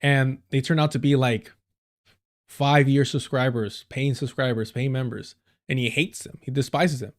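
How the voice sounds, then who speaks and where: A man's voice: mid-range voice, fairly even intonation, moderate pace. A man doing casual live-stream commentary over clips, rambling and swearing, with many fillers.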